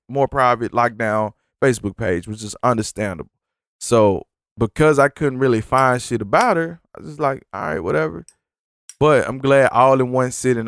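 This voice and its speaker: A man hosting a podcast, telling stories in a profane, animated, rambling way. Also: mid-range voice, clean tone, no room sound, clean studio sound. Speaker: podcast host. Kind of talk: casual storytelling monologue.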